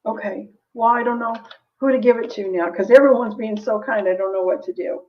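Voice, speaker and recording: A woman's voice: on the high side, unhurried, long pauses, recorded from a distance, muffled recording. A woman hosting a live jewelry sale, chatting casually with viewers, full of ums and little laughs, from the United States. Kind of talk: casual live-stream selling chat.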